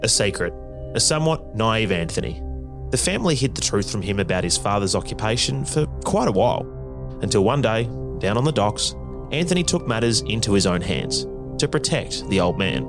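A man delivering scripted documentary narration in a measured, dramatic voice-over. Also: fairly low pitch, sing-song, vocal fry. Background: music.

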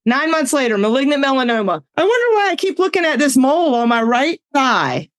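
A woman, telling personal stories in casual talk, animated and laughing often as she acts out the voices in her story. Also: high voice, fairly quick, no echo. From Southern United States.

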